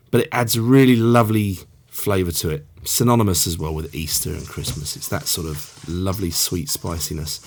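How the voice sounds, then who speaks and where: Chatty man with a gravelly voice. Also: medium pitch, a little mellow. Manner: chatty, rambling asides. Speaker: cookery show host. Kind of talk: casual cooking tutorial.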